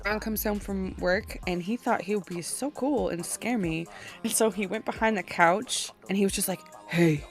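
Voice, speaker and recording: A chatty woman co-host with a slightly raspy voice, telling stories in a loose, laughing way. Her pitch sits mid-range for a woman. Faint music plays underneath. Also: normal speed. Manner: chatty, storytelling, laughs often. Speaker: podcast co-host. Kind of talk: casual chat.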